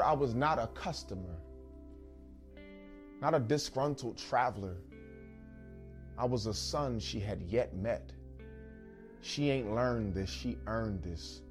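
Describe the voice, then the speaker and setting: A man's voice: medium pitch, a little mellow. A man performing a spoken-word poem with a rhythmic, emphatic delivery. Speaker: poet.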